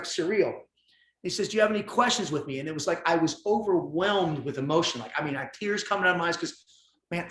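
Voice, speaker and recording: A man with a fairly high voice tells his story with intense, animated energy. He swears freely and leans into every phrase. The room around him rings with echo. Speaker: podcast guest. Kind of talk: storytelling in casual conversation. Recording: roomy echo.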